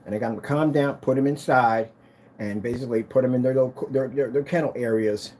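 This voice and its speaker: A man showing off his business's screen paint in a casual vlog, talking in an excitable, rambling, hyped-up way. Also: mid-range voice, fast, a little hiss or hum. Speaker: screen paint business owner demonstrating products. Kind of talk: casual product demo vlog with storytelling.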